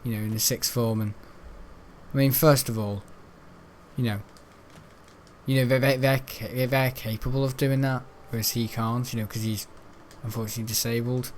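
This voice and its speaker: A man's voice: medium pitch, steady tone, moderate pace, slight background noise. Rambling young British man chatting. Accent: British English. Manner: chatty, meandering, lots of fillers and self-corrections. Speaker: gaming channel host. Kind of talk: rambling casual chat over gameplay.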